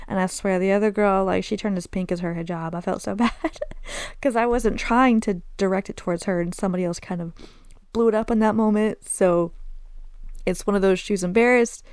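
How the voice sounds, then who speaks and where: A woman's voice: medium pitch, steady tone, a little fast, darkish tone, clear, resonant tone, dry recording. A woman with a Southern American accent talking candidly and self-deprecatingly on her own podcast, slipping in Arabic phrases. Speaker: podcast host. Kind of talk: casual solo podcast storytelling.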